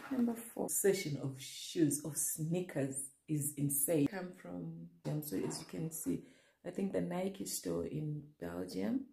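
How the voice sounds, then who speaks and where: A woman's voice: fairly low pitch, takes it slowly, gravelly, mellow. A young woman vlogging an unboxing in a casual, gushing way, talking straight to her viewers. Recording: echoey room with faint noise.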